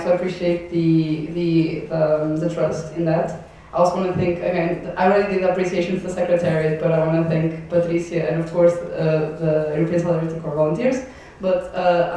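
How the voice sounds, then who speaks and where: A woman's voice: on the low side, mellow. A young Portuguese woman, a native Portuguese speaker, giving an emotional, rambling farewell speech with laughs between her thanks. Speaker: outgoing board member giving a closing speech. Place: large echoey event hall. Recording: echoey hall, distant mic, faint noise.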